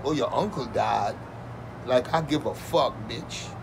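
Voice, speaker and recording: A man's voice: mid-range voice, unhurried, creaky, background noise. A man doing a profane comedic rant, mocking and sarcastic, swearing constantly and breaking into fake wailing.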